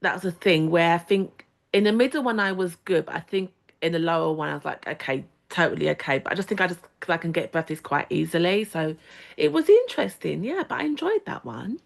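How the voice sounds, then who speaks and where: A woman's voice: lowish voice, animated, brisk, gravelly. A woman taking part in an online workshop, chatting in a giggly way. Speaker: workshop participant.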